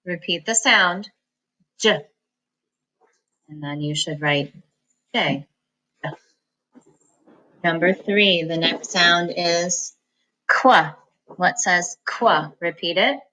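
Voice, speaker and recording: Woman teaching phonics real slow, says each word clearly and waits for you to repeat, bright sound. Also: on the low side, poor audio. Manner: slow, patient enunciation of words and syllables. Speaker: reading teacher.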